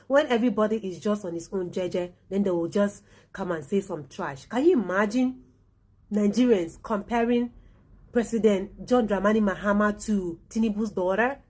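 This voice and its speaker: A woman's voice: mid-range voice, a little mellow. A woman hosting a reaction vlog, chatty and indignant toward her viewers. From Ghana. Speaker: channel host.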